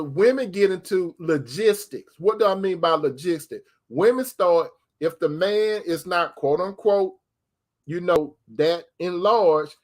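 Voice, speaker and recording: A man, host of his own faith talk, speaking in a folksy way that repeats phrases and calls out to his brothers and sisters. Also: on the high side. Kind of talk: casual preaching talk to viewers.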